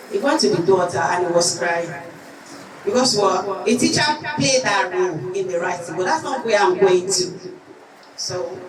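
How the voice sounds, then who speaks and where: Woman, teacher, earnest storytelling lecture, distant mic, echoing hall, audience around. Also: mid-range voice. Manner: earnest, storytelling, acts out quoted voices. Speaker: teacher giving a conference talk.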